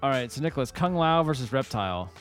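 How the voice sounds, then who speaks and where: A man's voice: medium pitch, animated, fast, soft background music. A man hosting a casual podcast chat, joking around with crude humor. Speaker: podcast host.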